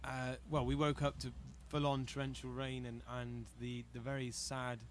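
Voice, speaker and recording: A man's voice: medium pitch, flat delivery, moderate pace, a little hiss or hum. An English man, a rock band's frontman, chatting dryly and jokingly in a casual backstage radio interview. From England. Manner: dry, joking, laid-back. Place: festival backstage.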